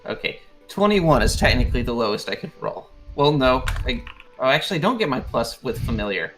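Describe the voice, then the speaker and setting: Lively bright-voiced male player. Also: medium pitch, a little fast, soft background music. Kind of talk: casual tabletop game play.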